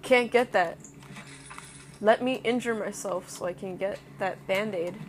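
A young woman playing a video game and commenting as she goes, cursing and reacting loudly to scares, then muttering to herself. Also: medium pitch, unhurried, slight background noise. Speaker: gameplay streamer. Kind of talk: casual let's-play commentary.

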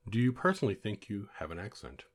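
A man's voice: on the low side, very animated, quick pace. An American man doing a casual accent word-list challenge, profane and sardonic. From United States. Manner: profane, sardonic, swears constantly. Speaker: vlogger.

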